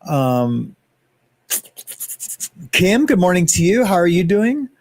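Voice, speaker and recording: A man's voice: sits high, sing-song, takes it slowly. Rambling man hosting a casual livestream. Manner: rambling, greets chat viewers by name. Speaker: livestream host.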